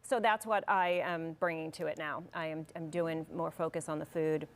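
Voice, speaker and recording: Friendly lady guest on a studio show, lowish voice, explains stuff simply. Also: fairly even intonation, moderate pace. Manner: friendly, explains plainly, laughs often. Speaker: festival organizer guest. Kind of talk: studio interview.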